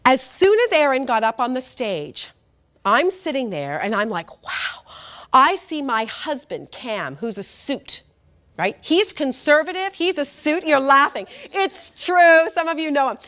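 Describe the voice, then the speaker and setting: A woman's voice: high voice, big pitch swings, unhurried, a bit bright. A middle-aged woman giving a faith talk, telling a story with animation and speaking directly to the crowd.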